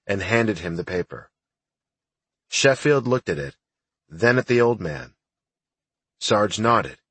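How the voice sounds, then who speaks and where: Husky-voiced male audiobook narrator. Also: fairly low pitch, animated, measured pace, fairly bright tone, no echo.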